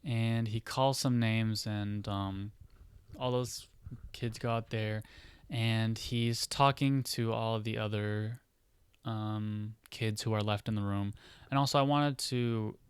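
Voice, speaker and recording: A man hosting a podcast who casually talks through a story, rambling and leaning on fillers like "like" and "you know." His voice is smooth and clear, and his pace is slow. The mic is close and the room sounds dry. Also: fairly low pitch, fairly even intonation, dry recording. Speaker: podcast host. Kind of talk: casual storytelling of a book idea.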